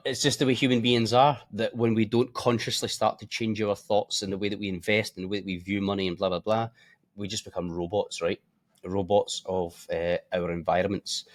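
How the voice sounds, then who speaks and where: Blunt, tired man on markets. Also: lowish voice. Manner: blunt, swears freely, offhand asides. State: tired and yawning. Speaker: forex trading presenter. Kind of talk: casual market commentary.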